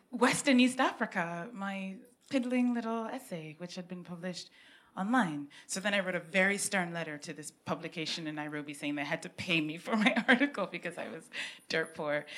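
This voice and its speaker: A woman author with a vaguely American accent, telling stories in an animated, witty way during an on-stage interview. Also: on the low side, normal speed. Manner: animated, witty storytelling with frequent laughs. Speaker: author guest.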